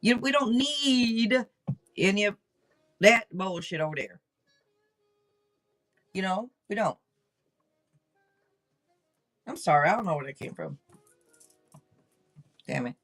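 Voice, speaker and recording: Excitable woman hosting a tarot stream. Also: medium pitch, slow, pauses often, faint music behind, rough recording. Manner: excitable, swears casually, rambling restarts. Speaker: tarot reader and live stream host. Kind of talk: casual live-stream chat.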